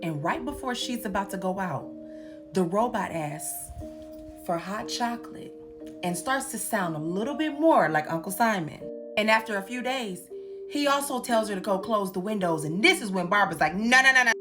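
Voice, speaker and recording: A woman's voice: medium pitch, normal speed. A young woman giving a sassy, comedic recap commentary, acting out the characters' lines in different voices. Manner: sassy, animated, acts out quotes in voices. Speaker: commentary host. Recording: music playing underneath.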